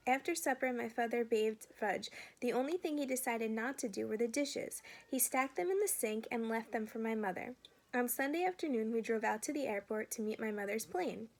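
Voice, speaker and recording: A woman, a teacher, reading a children's chapter book aloud in a steady, clear storytelling voice. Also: fairly high pitch, normal speed.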